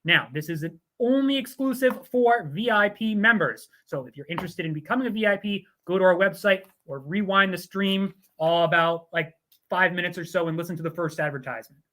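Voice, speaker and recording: A man's voice: high-pitched, brisk, sharp tone. A man co-hosting a show, mixing casual chat with joking, playfully scripted ad reads. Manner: jokey, playful. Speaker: co-host.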